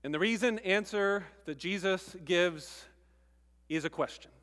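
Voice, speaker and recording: A man preaching a sermon in a casual, conversational way, stressing words with pauses between them. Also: high voice, a bit bright, big-room sound. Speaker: pastor.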